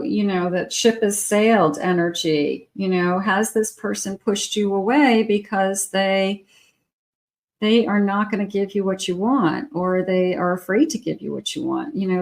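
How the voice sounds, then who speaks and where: A woman's voice: mid-range voice, a little mellow. A middle-aged woman giving a channeled love tarot reading in a conversational way, now and then acting out imagined lines for the person in question. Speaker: tarot reader.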